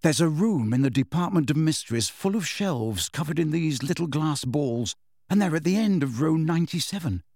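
A man voicing an agitated teenage boy wizard who speaks urgently and shouts, in an audiobook reading. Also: a little high, expressive, normal speed, no room sound, clean studio sound, voice pushed up. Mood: urgent, shouting.

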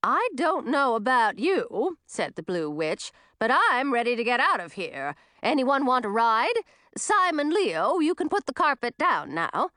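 A woman voicing a bossy old witch woman who talks in a brisk, commanding way. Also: a little high, big pitch swings, bright, forceful tone, no room sound, clean studio sound, pitched above the performer's own voice, heavily acted.

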